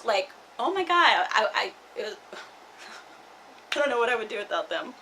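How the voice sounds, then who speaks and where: A woman's voice: on the high side, expressive, a little slow, long pauses, a bit bright, a little hiss or hum, rough recording. A young woman vlogging casually, rambling with many fillers and restarts. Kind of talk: casual personal vlog.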